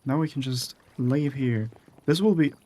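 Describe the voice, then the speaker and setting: A young gaming streamer narrates building in a game and talks to himself, chatting casually and swearing often. His medium-pitched voice has a dark tone, and he speaks unhurriedly.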